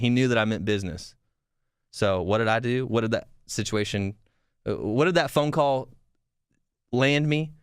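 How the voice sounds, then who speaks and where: A young man spins a long, rambling story for his podcast, getting louder and more worked up as he goes, swearing freely and restarting his sentences. His voice sits at an ordinary middle pitch. The sound is dry and close, with no room echo. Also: clear, resonant tone. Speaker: podcast host. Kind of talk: casual storytelling.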